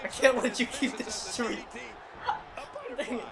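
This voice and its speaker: A man playing a wrestling video game with a friend, shouting at the screen and groaning when things go wrong. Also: very high-pitched, huge pitch swings, slow pace. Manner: yelling at the game, frequent groans and laughs. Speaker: gameplay video host. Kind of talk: excited co-op gameplay commentary. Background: game crowd noise.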